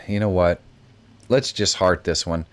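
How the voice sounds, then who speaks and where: A middle-aged man hosting a live stream, chatting casually, reacting to messages and laughing often. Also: low-pitched. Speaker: live show host. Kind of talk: casual live-stream chat reading comments.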